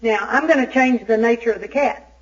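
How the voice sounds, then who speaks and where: A woman from Arkansas gives a recovery meeting talk as an Al-Anon speaker, telling her story in an animated, self-mocking way. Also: fairly high pitch, brisk. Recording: dull lo-fi tape recording.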